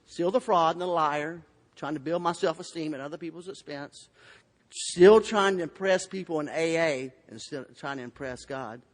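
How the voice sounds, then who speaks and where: A man's voice: on the high side, moderate pace. A man with a Southern US accent from Florida, telling his recovery story in a folksy, humorous way at a convention podium. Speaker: AA convention speaker. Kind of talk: recovery testimony talk. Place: large convention hall. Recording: long hall reverb.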